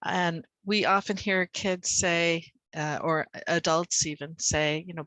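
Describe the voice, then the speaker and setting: A woman's voice: lowish voice, fairly even intonation, takes it slowly, few pauses, fairly bright tone, dry recording, low-quality recording. A woman tutor explaining how she teaches word stress, talking casually over a video call and acting out stressed words with extra punch. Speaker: reading and spelling tutor.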